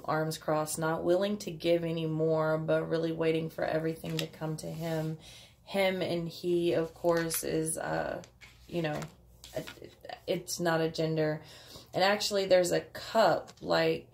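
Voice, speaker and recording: A woman's voice: low-pitched, creaky, a little mellow, a little hiss or hum. A woman giving a casual daily tarot reading, chatty and offhand, with frequent fillers. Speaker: tarot card reader.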